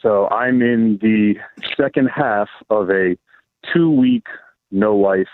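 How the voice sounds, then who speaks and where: An American man calling in to a radio show, talking in a relaxed, unhurried way over the phone. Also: on the low side, no echo. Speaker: caller. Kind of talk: phone-in call. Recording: tinny phone line.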